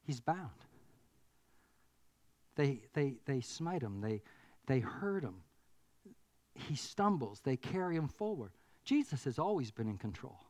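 An earnest preacher with a mid-pitched voice delivers a sermon. The delivery builds to emphatic, repeated declarations. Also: sing-song, takes it slowly, pauses often, darkish tone.

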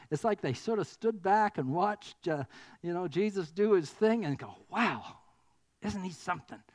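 An earnest preacher with a mid-pitched voice delivers a sermon that builds toward emphatic, repeated declarations.

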